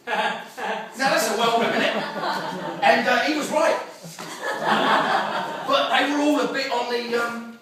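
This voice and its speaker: A man's voice: very high voice, a little slow, long pauses. Crude older male stand-up comic. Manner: crude, boisterous, self-mocking banter with the crowd. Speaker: stand-up comedian headliner. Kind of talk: stand-up comedy set. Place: comedy club stage. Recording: echoey club from far off with loud crowd. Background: audience laughing.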